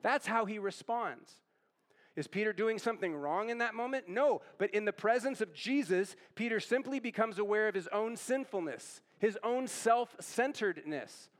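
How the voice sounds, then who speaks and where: A man's voice: high-pitched, expressive, normal speed. A man pastor preaching a sermon with earnest emphasis and repeated phrases.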